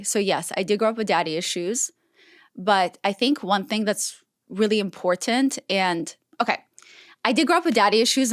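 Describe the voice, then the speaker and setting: A woman's voice: mid-range voice, no room sound. Dry-sounding woman telling a story. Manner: animated, acts out quoted voices, frequent restarts. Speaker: podcast guest. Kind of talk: casual interview storytelling.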